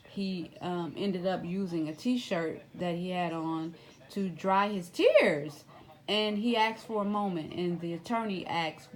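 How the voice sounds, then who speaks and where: Woman, Louisiana accent, lowish voice, chatty commentator who spikes up in pitch when stirred. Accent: Louisiana Southern US. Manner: animated, rises sharply when excited, many fillers. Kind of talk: casual commentary.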